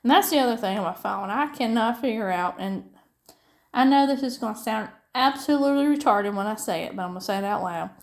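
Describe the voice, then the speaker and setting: A middle-aged woman from upstate South Carolina, with a Southern US accent and a fairly high, gravelly voice, talks fairly quickly. A diamond painting vlogger, she chats in a rambling, folksy way while she crafts.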